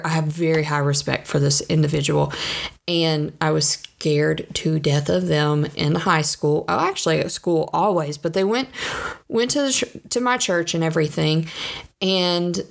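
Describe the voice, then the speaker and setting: A woman's voice: deep voice, vocal fry. A woman in her thirties talking casually to camera, rambling and self-deprecating about herself. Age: 30s. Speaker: vlogger. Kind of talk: casual monologue.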